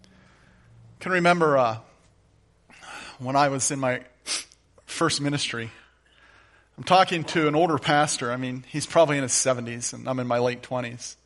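A middle-aged man preaching a sermon as pastor, moving from quiet, conversational storytelling to emphatic, rising declarations. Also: medium pitch, normal speed, long pauses.

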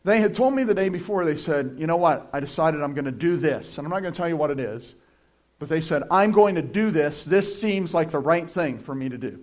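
A man's voice: fairly high pitch, animated, fairly quick. Conversational man preaching a sermon. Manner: conversational, chuckling asides, reads scripture aloud. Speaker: pastor.

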